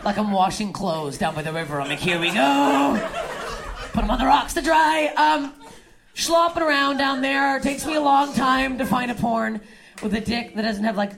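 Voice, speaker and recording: A woman from Canada works a club crowd with stand-up through a handheld mic. Her voice sits high and gravelly. She is deadpan and swings between low mutters and loud shouts. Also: moderate pace. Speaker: stand-up comic. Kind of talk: stand-up set. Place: comedy club stage.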